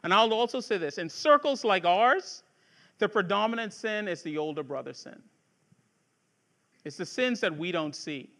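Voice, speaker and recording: A man's voice: high voice, animated, normal speed, a bit bright. A man preaching a sermon as pastor, conversational with asides to the congregation, building to fervent rhetorical questions.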